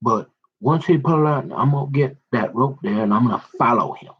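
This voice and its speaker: Lo-fi audio with a little hiss or hum carries a mid-range man's voice as he rambles through a long personal story. Addressing his listener directly, he checks in with "right?" and "mm-hmm," his storytelling drawn-out and meandering, with many restarts.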